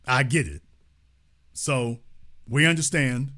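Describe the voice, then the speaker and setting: Taking his time, a call-in show host with a medium-pitched, bright, forceful voice offers live commentary. He mocks a caller sarcastically, repeating phrases to drive his points home.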